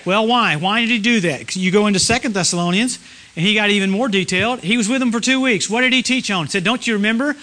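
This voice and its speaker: A middle-aged man preaching a sermon at a church service, animated, swinging from loud exclamations to low murmurs. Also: fast talker. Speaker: guest preacher.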